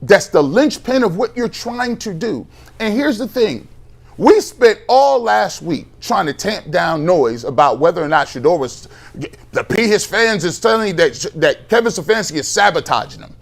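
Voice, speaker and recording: A man's voice: high-pitched, big pitch swings, moderate pace, creaky. A man co-hosting a sports talk show, arguing his point with heat, emphatic and repeating himself as he builds his case. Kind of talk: heated sports talk debate.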